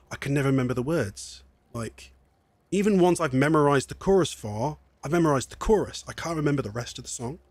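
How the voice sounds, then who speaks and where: Husky and medium-pitched, the voice belongs to a young Englishman doing a casual live stream with no room sound. His talk meanders, punctuated by frequent laughter, with a slight asthmatic wheeze.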